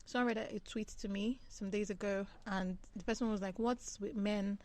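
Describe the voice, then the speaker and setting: A woman's voice: mid-range voice, fairly even intonation, a little fast, darkish tone. A woman guest in a casual chat, telling a story in a chatty, laughing way with many fillers.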